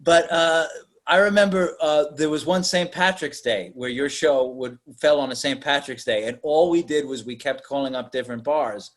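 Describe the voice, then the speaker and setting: A man hosting a podcast, reminiscing in casual chat, animated and laughing often. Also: fairly high pitch, normal speed. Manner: animated, laughs often, acts out calls in put-on voices. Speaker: podcast host.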